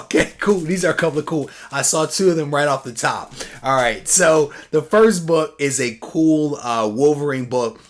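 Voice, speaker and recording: Guy chatting casually while unboxing comics, laid back, lots of uh's. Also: medium pitch. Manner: relaxed, chatty, many "uh" pauses, reads fan mail aloud. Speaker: comic collecting channel host.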